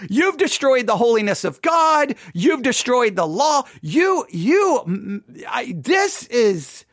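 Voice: mid-range voice, very animated, takes it slowly, a bit bright, no echo, studio quality. A commentator reacting to a sermon clip with emotional, exasperated ranting and sarcastic mimicry.

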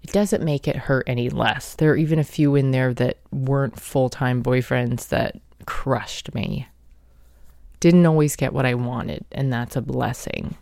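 Woman host, mellow voice, dry close sound, reflective motivational talker. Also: a bass voice, steady tone, measured pace, gravelly, dry recording. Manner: reflective, earnest, self-help tone. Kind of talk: motivational monologue.

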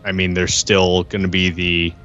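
A man's voice: sits low, completely flat delivery, normal speed, a bit bright, highs cut off. A man playing a tabletop game, joking with the table and thoughtfully describing his character. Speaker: player. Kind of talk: casual chat at a game table.

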